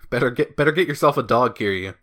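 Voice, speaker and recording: A man co-hosting a podcast, chiming in with quick jokes during a casual chat. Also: mid-range voice, lively intonation, a bit bright. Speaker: podcast co-host.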